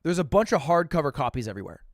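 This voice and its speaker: A man in his twenties, a streamer telling a story in casual chat, animated and swearing, with sudden bursts of loud laughter. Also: on the high side, racing, no room sound, clean studio sound. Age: 20s.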